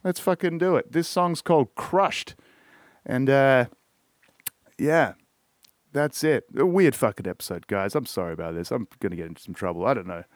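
A man's voice: mid-range voice, expressive, moderate pace, dry recording. Foul-mouthed Australian man rambling. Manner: rambling, swears constantly, trails off with "I don't know". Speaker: podcast host. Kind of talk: casual solo podcast monologue.

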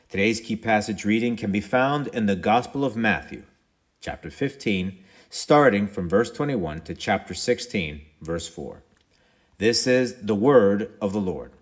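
A man with a fairly low voice delivers a sermon in a reverent, measured cadence. He leads a prayer and then reads scripture aloud solemnly. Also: animated. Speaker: preacher.

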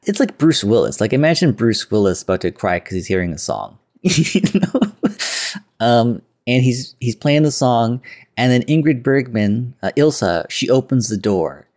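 With lively intonation and a slightly mellow mid-range voice, a man speaks at normal speed. He hosts a podcast, casually retelling a classic movie full of filler words and quotes from it.

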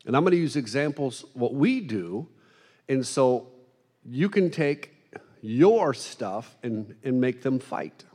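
Man preaching, jokey stories, mid-pitched voice, echoing church hall. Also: takes it slowly, breathy edge. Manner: animated storytelling with self-deprecating humor. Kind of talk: sermon with humorous stories. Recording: long hall reverb.

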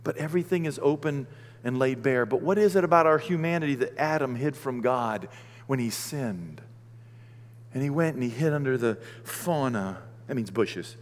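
Animated man preaching a sermon. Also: medium pitch, in a large hall. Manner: animated, swings from loud to hushed.

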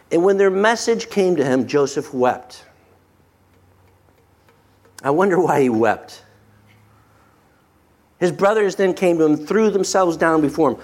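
Brief: male pastor, slightly high pitch, emphatic delivery that drops to a hush. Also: a little slow, long pauses. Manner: emphatic, swings from animated to hushed. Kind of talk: sermon.

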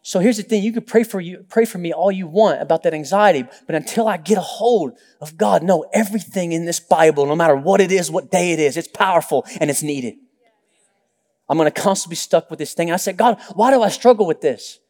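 High-voiced pastor preaching in a hall. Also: male voice, brisk, darkish tone. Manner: storytelling with acted-out quotes, joking asides. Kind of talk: sermon. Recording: long reverb of a large hall.

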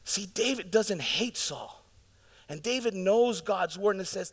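A man preaching a sermon as pastor, telling the story in a lively, casual way and acting out the scenes. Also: high voice, unhurried, slightly rough. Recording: long reverb of a large hall.

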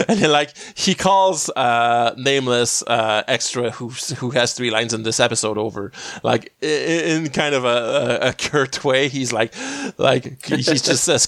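A man's voice: mid-range voice, unhurried, a bit bright, no echo. A man in a casual podcast chat, rambling through an episode recap full of "like" and "uh". His voice sits in a middle register and sounds close and dry, with no room around it. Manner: rambling, many fillers, acts out quotes. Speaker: podcast co-host.

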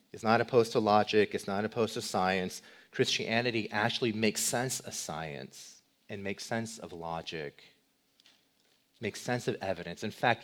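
A male pastor giving a sermon, asking rhetorical questions and moving between loud emphasis and quiet, low passages. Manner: animated, swings between loud emphasis and soft low delivery.

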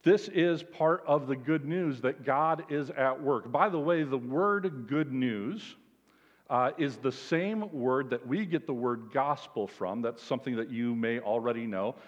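A man, a pastor, delivering an emphatic, animated sermon with lots of repetition. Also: medium pitch, measured pace. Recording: dull sound, long hall reverb.

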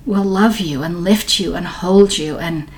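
A woman's voice: on the low side, unhurried. A woman, a podcast guest telling her story in a rambling, heartfelt way. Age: 60s. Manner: warm, emotional, rambling storyteller. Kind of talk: conversational interview.

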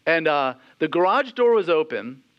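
High-ish voiced middle-aged guy preaching, acts out the quotes, asks the crowd stuff, kinda muffled lo-fi sound. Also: big pitch swings, moderate pace, clear, resonant tone. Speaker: pastor. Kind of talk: sermon. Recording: slightly dull lo-fi sound.

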